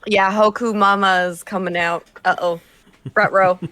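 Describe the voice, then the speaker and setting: A woman chats and jokes with her tabletop group in a bright, forceful voice. She sounds playful, though she is running short on sleep. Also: mid-range voice, steady tone, moderate pace, clean tone, no room sound. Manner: playful, jokey banter. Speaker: player. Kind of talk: casual chat.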